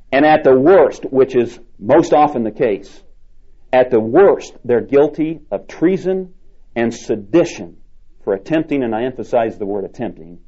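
A man's voice: medium pitch, mellow, breathy edge, highs cut off. Emphatic preacher man on old tape. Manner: emphatic, repeats key words with drawn-out stresses. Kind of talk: sermon.

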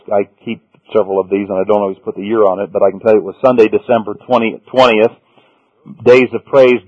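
A man preaching in a measured teaching tone, reading scripture passages aloud and then pressing his points home. The sound is dull and lo-fi, with a dry, close feel and no room around it. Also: mid-range voice, darkish tone, dry recording. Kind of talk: Bible teaching sermon.

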